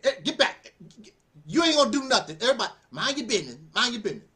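Guy doing a rowdy fake-tough dude, loud, confrontational, pitch jumping all over. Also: sing-song, fast talker, exaggerated voice. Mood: taunting. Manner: loud, confrontational, repeating himself. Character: tough young man acting crazy to scare a bully.

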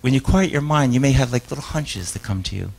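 Here a man with a medium-pitched, creaky, slightly mellow voice talks quickly with lively intonation over poor audio. He's a stage hypnotist answering audience questions at a live author event, telling stories in a rambling way, with constant restarts, self-interruptions, laughter, and acted-out voices.

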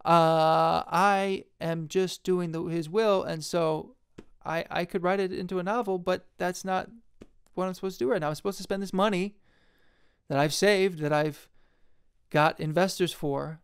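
Young male filmmaker, restless ramble, slightly higher voice, gravelly yet smooth edge, nervous laughs. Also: fairly even intonation, unhurried. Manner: jumpy, nervous, laughs often, sudden high squeaky jumps. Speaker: independent filmmaker. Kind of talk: rambling self-deprecating monologue.

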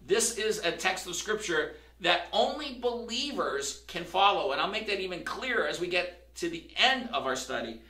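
A man's voice: sits high, pushed and bright, distant mic. A male pastor preaching a sermon in a conversational way that builds to emphatic questions. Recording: roomy, from across the room.

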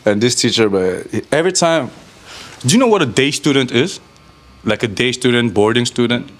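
A man in casual chat, telling lively stories and mimicking people he knew. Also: medium pitch, fairly quick. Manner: animated storyteller, imitates people.

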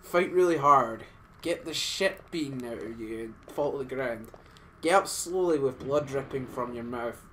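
A man co-hosting a game playthrough, cracking jokes, laughing a lot and blurting out loud remarks. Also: medium pitch, normal speed, a little hiss or hum. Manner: joking, loud outbursts, giggly. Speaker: let's play co-host. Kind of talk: casual gaming chat.

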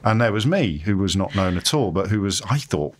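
Chatty low-voiced man telling stories. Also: a little fast, breathy edge. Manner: chatty, self-deprecating, lively with quoted voices. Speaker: interviewee, radio presenter. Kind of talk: casual interview storytelling.

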